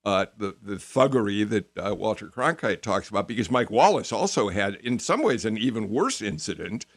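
A man's voice: on the low side, animated, normal speed, husky, no room sound. A man hosting a radio interview, talking conversationally with frequent restarts. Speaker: radio host.

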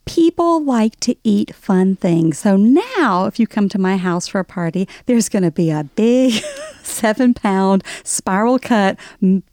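A woman's voice: mid-range voice, animated, a little slow, mellow, dry recording, studio quality. A woman in her forties from Alabama with a Southern accent, a guest telling wry stories in an interview and laughing often. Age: 40s. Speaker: guest, writer. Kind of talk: casual interview talk.

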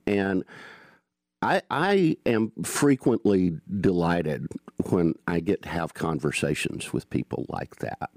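Southern guy in his 60s, real low voice, dry close mic, folksy host chat. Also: expressive, takes it slowly, darkish tone, no echo. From North Georgia, US. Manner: folksy, playful. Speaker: podcast host. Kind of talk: conversational interview.

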